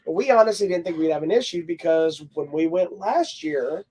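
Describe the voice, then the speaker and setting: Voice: medium pitch, lively intonation, brisk, darkish tone, breathy edge. Co-host from Texas with a nagging cough. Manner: rambling storyteller, many restarts. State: clearing throat, coughing. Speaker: podcast co-host. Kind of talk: casual chat.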